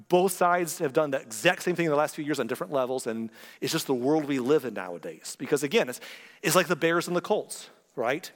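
Animated pastor preaching in a reverberant hall. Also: male voice, fairly high pitch, a little fast. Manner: animated, joking asides, acts out quoted voices. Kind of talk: conversational sermon. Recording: long reverb of a large hall.

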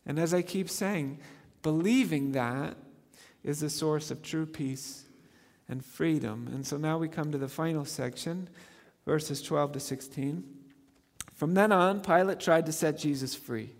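A man's voice: on the high side, a little slow, gravelly, big-room sound. A man preaching a sermon, earnest and emphatic, pushing his voice up on key phrases. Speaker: pastor.

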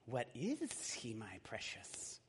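A man's voice: mid-range voice, wildly swooping pitch, slow pace, pitched below the performer's own voice. A man doing a hissing, whispering cave creature. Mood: curious. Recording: echoey hall.

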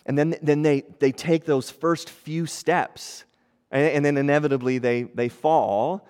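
Man, 30s, pastor, conversational sermon, higher-pitched, echoing church hall. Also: a little slow, clear, resonant tone. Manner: conversational preaching, shifting from hushed to animated.

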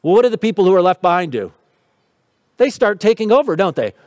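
A man's voice: high-pitched, big pitch swings, fast, a little mellow, dry recording, clean studio sound. A man preaching a sermon, explaining scripture in a teaching tone with light humor and rhetorical questions. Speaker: pastor.

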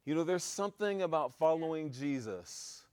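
Animated and fairly high in pitch, a male preacher speaks at a normal speed with no room sound around him. He swings from loud calls to action to soft asides, repeatedly driving his points home with rhetorical questions.

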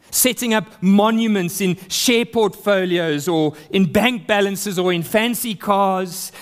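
A man preaching an expository sermon, reading scripture aloud and building emphasis. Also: sits high.

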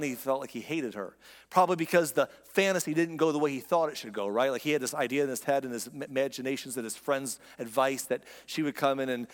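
A man's voice: medium pitch, in a large hall. A man preaching a sermon in a conversational, impassioned way, speaking directly to his listeners. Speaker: pastor.

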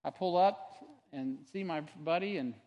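Male pastor with a fairly high voice, preaching a sermon as a chatty, earnest story with asides, set in a church hall with long reverb. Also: a little slow, muffled recording. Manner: conversational storytelling with frequent restarts and asides; earnest and animated when testifying.

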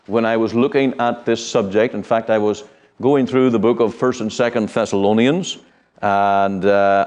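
A middle-aged man from the United Kingdom teaching a Bible study, speaking in an earnest, measured way with frequent pauses and fillers. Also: mid-range voice, a little mellow.

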